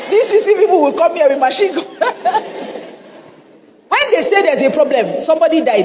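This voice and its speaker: A Nigerian woman pastor delivers a lively sermon with a pitch that leaps and dips. She mixes humor into her preaching and hammers points home by repetition. Her voice carries in a reverberant church hall. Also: normal speed. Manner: animated, humorous, repeats lines for emphasis.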